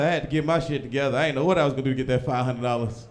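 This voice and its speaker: A young man doing a stand-up comedy set in a small live venue, loud and profane, often shouting as he acts out people in his stories. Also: medium pitch, rapid-fire, few pauses. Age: young adult. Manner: loud, animated, profane, swings into shouting impressions.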